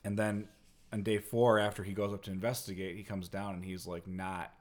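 A man's voice: lowish voice, little pitch movement, brisk. A man casually retelling a story to a co-host, rambling with lots of fillers. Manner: rambling, heavy use of "like". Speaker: podcast co-host.

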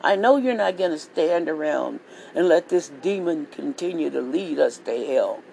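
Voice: mid-range voice, animated, moderate pace, vocal fry, a little mellow, slight background noise, low-quality recording. A vlogger delivering a heated political rant monologue, swearing freely and repeating phrases for emphasis. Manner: profane, repetitive, heated ranting.

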